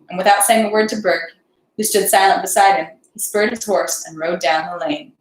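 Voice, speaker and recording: Woman, reading a novel aloud, low voice, steady narration, roomy echoey room. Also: brisk. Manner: steady reading, chatty afterward. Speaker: read-aloud host. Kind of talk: literary narration, then casual chat. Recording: roomy echo.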